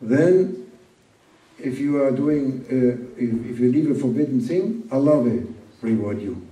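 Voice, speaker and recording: A man giving an informal sermon as a sheikh, speaking in a plain, halting way and repeating words for emphasis. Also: mid-range voice, mellow. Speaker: sheikh teaching a religious talk. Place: gathering room at a summer camp. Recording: roomy room, distant mic.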